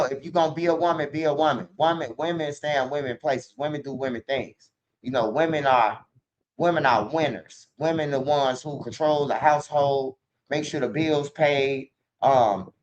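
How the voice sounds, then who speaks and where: A man's voice: fairly high pitch, a bit bright. Man ranting in profane street talk. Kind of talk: casual monologue to camera. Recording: dull lo-fi sound.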